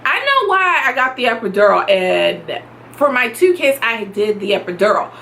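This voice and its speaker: A young woman at home telling her own story in a casual vlog, animated and quick to laugh, acting out what she shouted. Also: on the high side, vocal fry, a little hiss or hum.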